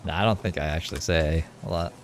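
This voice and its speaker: A man's voice: extremely low pitch, quick pace, a crowd in the background. A Canadian man streaming live, chatting and joking with his viewers in a loose, casual way.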